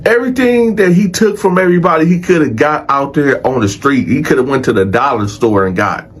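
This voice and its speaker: A man casually telling a story in an animated, profane way and acting out other people's voices. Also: on the high side, fairly quick, slightly rough. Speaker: storyteller, show host.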